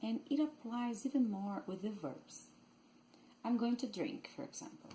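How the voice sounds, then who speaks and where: A woman's voice: mid-range voice, very animated, moderate pace, warm tone, slight background noise, low-quality recording. A woman from Rio de Janeiro state with a Brazilian Portuguese accent, teaching a Portuguese lesson and carefully demonstrating pronunciations. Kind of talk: language lesson.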